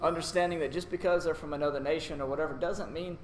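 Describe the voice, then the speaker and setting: A man's voice: a little high, steady tone, fast talker. Echoey conversational male preacher. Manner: conversational, storytelling with acted asides. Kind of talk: sermon. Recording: echoey room with faint noise.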